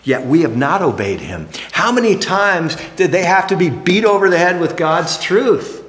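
A man preaching a sermon, emphatic, dropping to hushed lines and then rising to animated exclamations. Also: sits high, normal speed. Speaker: pastor. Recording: echoey hall.

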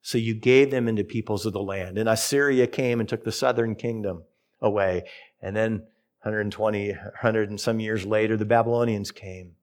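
A middle-aged man preaching a sermon, telling a personal story and reading scripture with lively, expressive delivery. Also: moderate pace. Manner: storytelling, animated with big pitch swings. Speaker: pastor.

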